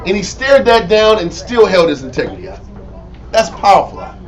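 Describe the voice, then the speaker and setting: A man's voice: high-pitched, wildly swooping pitch, brisk, some chatter behind. A man leading a bible study, teaching emphatically and prompting the reader with "Read on" and "Right?". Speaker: teacher leading a scripture reading. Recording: dull lo-fi audio with faint noise.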